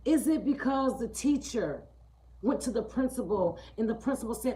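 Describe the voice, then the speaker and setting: A woman hosting a live stream, speaking emphatically and repeating her points, often checking in with "okay?" and dropping low and quiet on key lines. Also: animated, normal speed, rough recording. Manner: emphatic, repetitive, keeps asking "okay?". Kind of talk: live-streamed motivational talk.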